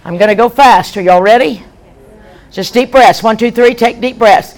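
A woman evangelist leading a deliverance prayer session in a large meeting hall, calling out forceful commands that are often shouted and leading the audience in call-and-response. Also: fairly high pitch, normal speed, a faint crowd.

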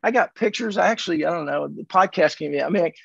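A man from California, a sales coach on a podcast, telling animated stories and acting out the dialogue. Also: a little high, fast, creaky, husky, dry recording. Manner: animated, acts out dialogue in anecdotes. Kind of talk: conversational storytelling. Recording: dull dry lo-fi audio.

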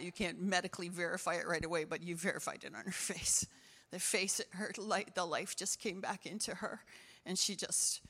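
A woman pastor preaching through a string of testimony stories, with a bright, forceful voice. She restarts her sentences often and leaps up in pitch when she gets excited. Her voice rings with the long reverb of a big hall. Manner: animated testimony, voice jumps high with excitement, frequent restarts. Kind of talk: sermon storytelling.

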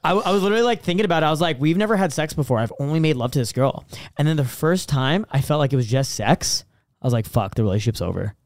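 A man's voice: fairly high pitch, fast talker, dry recording, clean studio sound. A young man chatting casually on a podcast, telling stories and acting out quotes with lots of filler words. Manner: animated storytelling, acting out quotes. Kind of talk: casual chat.

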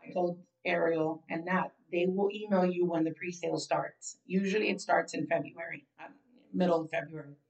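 A young woman from Florida co-hosts a casual chat, talking freely and repeating herself as she goes. Her voice sits a touch low. She sounds slightly off-mic. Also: steady tone, moderate pace, few pauses, a little mellow, distant mic, muffled recording. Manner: chatty, laughs easily, repeats phrases. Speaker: podcast co-host.

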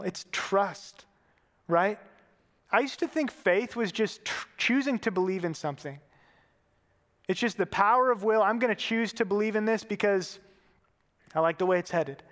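A man's voice: high voice, a bit bright, in a large hall. A man preaching a sermon in a casual, conversational way, using everyday fillers.

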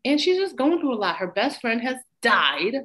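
A woman co-hosting a casual chat, recapping a show in an animated, profane way and acting out lines with laughter. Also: fairly high pitch, moderate pace. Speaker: podcast co-host.

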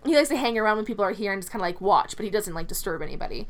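A woman's voice: medium pitch, sing-song, rapid-fire. A woman in her twenties telling personal stories in casual chat, quoting people and laughing often. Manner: chatty, quotes people often, laughs a lot. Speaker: podcast co-host.

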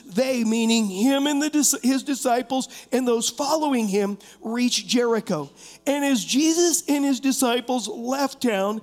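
A man preaching a sermon as pastor, animated, calling on members of the congregation and shouting out to show his point. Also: very high-pitched. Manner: shouts to demonstrate, rising to loud bursts. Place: church sanctuary. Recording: long hall reverb.

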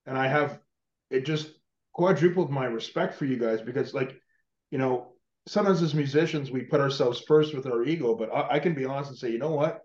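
A male podcast host winds slowly toward his question, stumbling through "uh"s and restarts as he goes. His mid-pitched voice bounces around a roomy space. The whole signal sounds dull and lo-fi. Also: a little mellow. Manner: rambling, halting, many "uh"s and restarts. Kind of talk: casual interview questions.

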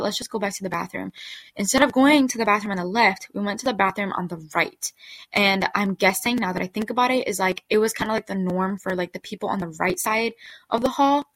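A woman's voice: mid-range voice, fairly bright tone. A woman hosts her podcast and tells a story from her own life in a loose, talkative style. Her speech is packed with "like" and "okay?" as she goes. Her voice sits in a middle range and sounds dry and close, with no room echo. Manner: chatty, full of "like" and "okay?". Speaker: podcast host. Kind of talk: casual storytelling.

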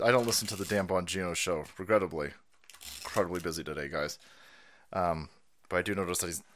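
Rowdy, mocking livestream host, lively pitch. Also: male voice, slight background noise. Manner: rowdy and mocking, with sudden shouts and mock voices. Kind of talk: loose, profane political rant.

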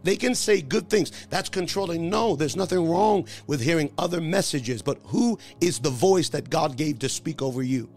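A man preaching a sermon as a pastor, emphatic, asking the congregation questions and answering them himself. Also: a little high. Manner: emphatic call-and-response preaching.

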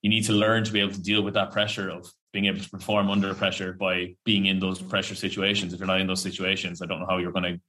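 A man's voice: low-pitched, flat delivery, fast, few pauses, bright, forceful tone, a little hiss or hum. A young Irish man, a professional rugby player, chatting loosely in an interview with lots of fillers and the odd swear word. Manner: chatty and rambling, full of fillers and slang, swears freely. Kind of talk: casual podcast interview.

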